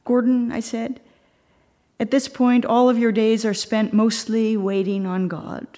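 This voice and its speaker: A woman's voice: mid-range voice, dark tone. A woman preaching a reflective sermon, telling a story and sometimes dropping to a near whisper. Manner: reflective, slows and drops to a near whisper at times.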